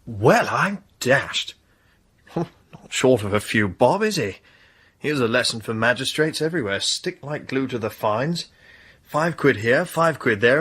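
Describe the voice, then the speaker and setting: An actor playing a flustered, chatty young English gentleman in a radio comedy. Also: mid-range voice, husky.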